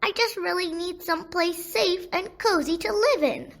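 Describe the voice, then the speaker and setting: Lady reading as a little toad guy, pleading and kinda plaintive, high and bright, storybook voice. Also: moderate pace. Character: small male toad, homeless and pleading.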